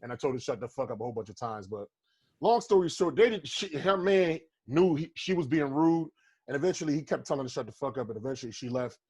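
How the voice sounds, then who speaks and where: A man's voice: medium pitch, lively intonation, quick pace, darkish tone, slightly rough, no echo. A man, a comedian, telling a story in casual chat over a video call, swearing freely and acting out the quotes. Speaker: stand-up comedian, guest.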